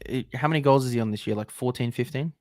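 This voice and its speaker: A man's voice: mid-range voice, fast talker, darkish tone, dry recording, clean studio sound. A man co-hosting a casual football chat, blunt and opinionated. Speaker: co-host.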